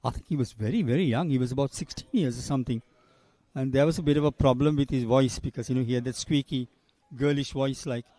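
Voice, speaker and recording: An older man calls a cricket match in a chatty, storytelling way. His voice is mid-pitched and he drifts between anecdotes and the action on the field. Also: quick pace, mellow, dry recording. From Sri Lanka. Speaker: cricket commentator. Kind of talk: live cricket commentary with anecdotes.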